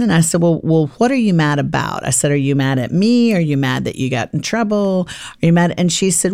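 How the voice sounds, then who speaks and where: A woman's voice: deep voice, expressive, brisk, dry recording. A middle-aged woman on a faith podcast, chatting and telling family stories, acting out the dialogue. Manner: warm storytelling, acts out dialogue with her daughter. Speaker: podcast guest, author. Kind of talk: casual faith podcast chat.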